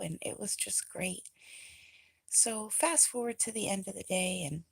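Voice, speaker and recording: A woman talking in a casual, confessional way, feeling low and emotional, soft-spoken and rambling with many pauses, often dropping into a breathy near-whisper. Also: no echo. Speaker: vlogger.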